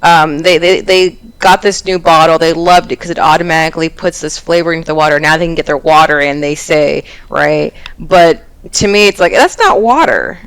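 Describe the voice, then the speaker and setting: Gravelly low-voiced woman chatting. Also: normal speed, hardly any pauses, low-quality recording. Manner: chatty, joking, with frequent restarts. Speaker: host. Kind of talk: casual chat reading online stories.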